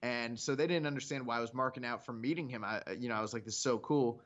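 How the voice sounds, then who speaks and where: A laid-back man co-hosting a podcast, chatting casually and joking with a relaxed, unhurried delivery. His mid-pitched voice comes through dull and lo-fi. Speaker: podcast co-host. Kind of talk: casual chat. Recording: dull lo-fi sound.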